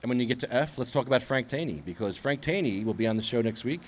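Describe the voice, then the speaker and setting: A man's voice: medium pitch, animated, fast talker, a little hiss or hum. A man hosting a live podcast outdoors at a public event, chatting casually and teasing his co-host. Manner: joking, teasing.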